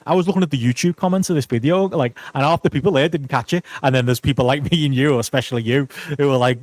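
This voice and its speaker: A man's voice: mid-range voice, fast, no echo. Chatty man with lots of fillers. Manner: chatty, full of fillers, laughing. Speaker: podcast co-host. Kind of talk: casual podcast review chat.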